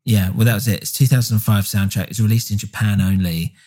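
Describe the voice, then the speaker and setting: A man's voice: on the low side, fast talker. A man co-hosting a podcast, chatting casually and enthusiastically with lots of fillers. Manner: relaxed, filler-heavy, enthusiastic. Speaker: podcast co-host. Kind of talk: casual chat.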